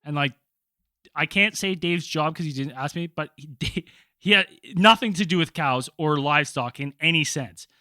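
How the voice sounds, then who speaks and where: Male podcast host, bright raised voice, rambling storyteller, dry booth sound. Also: on the high side, moderate pace, no echo. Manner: rambling, laughs often, heavy "like" fillers. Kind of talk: casual storytelling chat.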